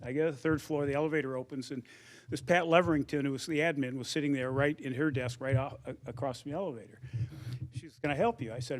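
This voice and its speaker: An older man giving an anecdotal acceptance speech, telling his story conversationally and acting out quoted dialogue. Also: medium pitch. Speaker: hall of fame inductee.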